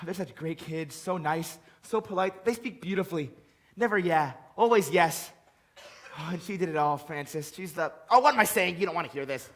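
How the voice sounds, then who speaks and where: A young man plays a mopey, self-pitying divorced man with a high, bright voice. He fusses and sighs over everything he says. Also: lively intonation, normal speed. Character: fussy, sentimental divorced man, Felix. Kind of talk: stage play scene.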